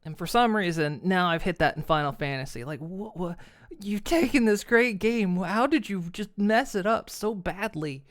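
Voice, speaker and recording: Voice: mid-range voice, animated, moderate pace. A streamer giving live gameplay commentary, ranting with exasperation, swearing often and laughing between complaints.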